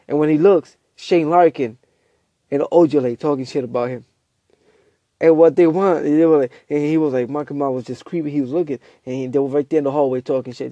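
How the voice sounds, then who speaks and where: Animated man telling a story, dry sound. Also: on the high side, moderate pace, no room sound. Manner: animated, acts out quotes, self-interrupting. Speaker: host. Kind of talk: casual comedic storytelling rant.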